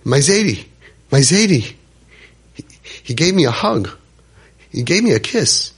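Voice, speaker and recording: A man's voice: fairly high pitch, big pitch swings, a little slow, husky, pitched above the performer's own voice, full character voice. A man voicing an overwhelmed young man who repeats himself in shaken disbelief. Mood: stunned.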